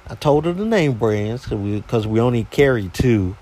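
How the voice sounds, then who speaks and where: Animated slangy male podcast host. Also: medium pitch, moderate pace, hardly any pauses. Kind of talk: casual storytelling monologue.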